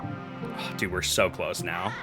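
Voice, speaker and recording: A young adult man streaming a game live, chatting with his chat and swinging between quiet muttering and loud yelling. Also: sits low, fairly even intonation, slow pace, over loud music. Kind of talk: live gameplay commentary.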